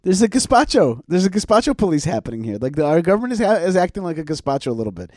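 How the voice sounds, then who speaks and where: A male host with a lively, swinging voice talks through politics in a loose, animated way, circling back and repeating words as he thinks aloud. He sits close to the mic in a dry studio, and his voice lands a little high for a man. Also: very fast, no room sound. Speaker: show host. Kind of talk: casual political chat.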